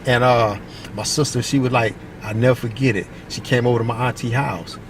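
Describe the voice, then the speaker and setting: Man telling street stories outdoors. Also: brisk. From Long Beach, California. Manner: animated storyteller, acts out quotes in a high voice, repeats "you know what I mean". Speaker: vlogger. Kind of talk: casual storytelling. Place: outdoors by a basketball court, moving in traffic. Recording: faint street and traffic noise outdoors.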